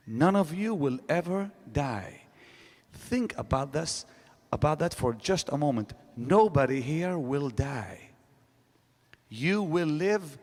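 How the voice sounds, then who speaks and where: A man preaching a sermon to a congregation, emphatic, swinging from loud rising questions to low quiet statements. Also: big-room sound. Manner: emphatic preaching with sudden rises and drops. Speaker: pastor. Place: large hall.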